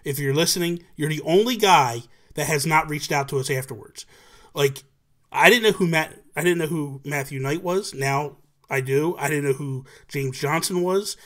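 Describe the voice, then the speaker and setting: This podcast host's voice leans high and his delivery stays moderately paced. Running a relaxed live talk show by video call, he spins animated anecdotes and performs what everyone said in character.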